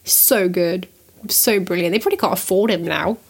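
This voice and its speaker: A woman co-hosting a podcast, chatting casually and playfully, a bit husky from a cold. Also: fairly low pitch, normal speed. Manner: giggly, rambling, playful. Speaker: podcast co-host. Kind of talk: casual chat.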